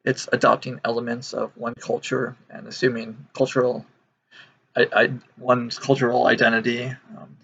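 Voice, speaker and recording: An American video host in his twenties to thirties talks casually to camera in an opinion monologue, rambling with lots of fillers and restarts. His medium-pitched voice is creaky, a bit bright, and flat, at a moderate pace. The highs are cut off, with slight background noise.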